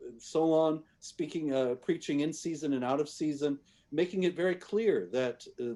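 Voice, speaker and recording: A guest commentator with a fairly high, mellow voice argues his point in conversation. He speaks emphatically and restarts often, repeating words when he does.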